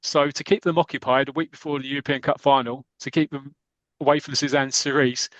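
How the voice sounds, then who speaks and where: A man's voice: medium pitch, fairly even intonation, brisk, a bit bright, no room sound. Guy on a podcast rambling through a comic plot, dry close sound, mid voice. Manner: rambling, many fillers and restarts, chatty. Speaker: podcast host. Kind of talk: casual retelling of a comic story.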